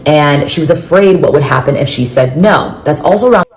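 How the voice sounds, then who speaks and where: A woman reporter recapping court testimony in a measured, matter-of-fact way. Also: sits low, animated, slight background noise, rough recording. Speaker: news reporter. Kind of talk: scripted news report.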